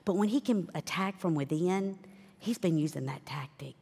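A woman's voice: on the low side, moderate pace, gravelly, dark tone, slightly rough. A woman, hosting a faith talk show and telling about her guest in an affirming way. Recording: long hall reverb.

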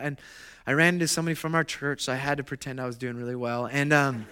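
A pastor in his thirties preaching a sermon in a conversational, animated storytelling way, with self-deprecating asides. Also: a little high, fast.

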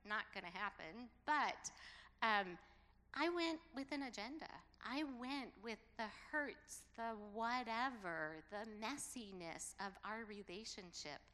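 A middle-aged woman telling a personal story in a sermon, acting out the dialogue with lively emphasis. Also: fairly high pitch. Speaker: preacher. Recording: long hall reverb.

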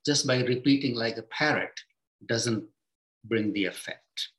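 A man giving a reflective spiritual talk as a teacher, unhurried, his voice sinking low and quiet at the ends of phrases.

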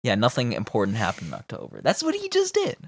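A man co-hosting a casual comedic political podcast, joking loudly and slipping into silly put-on voices. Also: mid-range voice, huge pitch swings, fast talker, husky. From Canada. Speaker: podcast co-host.

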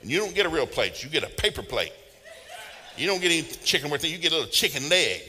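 A man's voice: fairly high pitch, very animated, fast talker, bright, forceful tone, in a large hall, a little hiss or hum. A man preaching a sermon in a folksy, humorous storytelling way, laughing along with his own stories.

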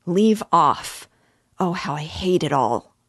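A woman reading the lines of a restless young male student, delivered with incoherent, self-mocking agitation in a low, unhurried voice. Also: animated, slightly rough, no echo, clean studio sound, exaggerated voice. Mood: agitated.

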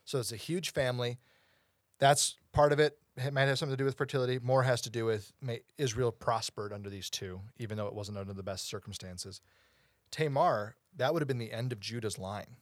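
A man co-hosting a casual Bible study podcast speaks at a medium pitch and fairly quick pace, recorded dry with clean studio sound. He explains at length, digresses off topic, and keeps asking "you know what I'm saying."

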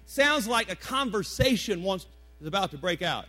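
High-voiced man preaching a conversational sermon. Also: expressive, brisk, soft background music. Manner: conversational preaching, emphatic repetitions, asks the congregation questions. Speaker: pastor. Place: church sanctuary before a congregation.

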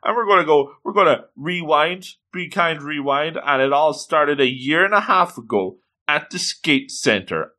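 A man excitedly reading a comic aloud and commenting, with frequent exclamations and jokes. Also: a little high, normal speed, few pauses. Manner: animated, exclaiming, joking.

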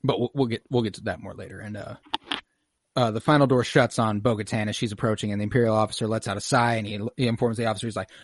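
A man's voice: on the low side, fast talker, background noise. Laughing man retelling scenes. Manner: animated storyteller who acts out quotes and laughs often. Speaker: podcast co-host recapping an episode. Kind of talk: casual chat, retelling scenes.

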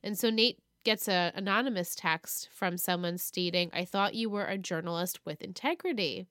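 Woman podcast co-host, clear smooth voice, close dry mic, chatty recap storyteller. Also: lowish voice, moderate pace, fairly bright tone, no room sound. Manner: chatty storyteller, acts out characters' lines. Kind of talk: casual TV episode recap.

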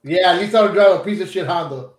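His voice is high and he talks fast as a co-host on a casual podcast chat. Telling a story with plenty of swearing, he's animated and unrestrained, and the room sounds echoey.

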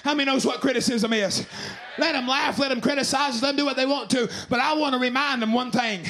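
A man preaching a sermon, fervent and shouting with lots of repetition and call-and-response. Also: very high voice, steady tone, fast, slight background noise.

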